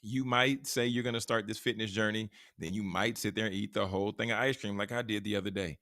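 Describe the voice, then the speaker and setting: Gravelly-voiced male podcast host. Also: on the low side, fast talker, dry recording, clean studio sound. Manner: relaxed, repeats himself, hype sign-offs. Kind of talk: casual chat.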